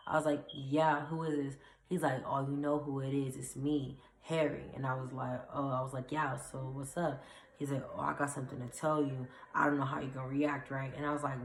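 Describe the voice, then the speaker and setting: A young woman with a low, bright-edged voice tells a personal story in a loose, chatty way, acting out what people said. Her voice carries a noticeable echo from the room she records in. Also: fairly quick. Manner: chatty, animated retelling with fillers and acted-out quotes. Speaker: vlogger. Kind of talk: casual storytime. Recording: echoey room.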